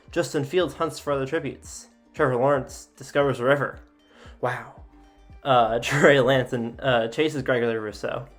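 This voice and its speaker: A man casually reading out simulation events as a sports video host, with frequent filler sounds and offhand asides. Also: medium pitch. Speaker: sports YouTuber.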